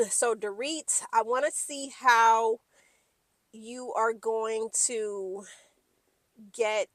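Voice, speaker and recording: A woman's voice: a little high, drawn-out words, pauses often, no room sound. A woman giving a casual, slangy recap of reality TV gossip, acting out the quotes in shifting voices.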